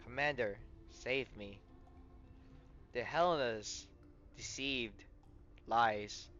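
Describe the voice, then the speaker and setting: A man's voice: medium pitch, extremely slow. A man reading aloud the lines of a frightened, sobbing little girl in a game, in short broken phrases. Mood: pleading. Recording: slightly muffled, soft game music behind.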